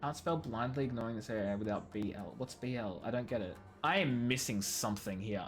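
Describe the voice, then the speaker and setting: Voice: medium pitch, fairly quick, hardly any pauses, soft background music. A streamer in their late twenties chatting casually with viewers, ranting and mocking themselves, swapping swears for "fudging". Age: 20s. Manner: talks to chat by name, self-mocking. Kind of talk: casual live-stream chat while gaming.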